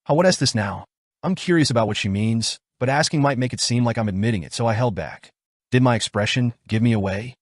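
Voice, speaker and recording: A man narrating a story recap in the first person, with a brisk, wry storytelling manner. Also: medium pitch, no room sound, studio quality.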